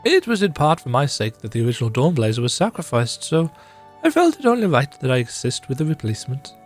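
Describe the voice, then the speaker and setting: A man with a croaky voice reading a composed young male game character's lines in a measured, formal way. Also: medium pitch, big pitch swings, soft background music. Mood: earnest.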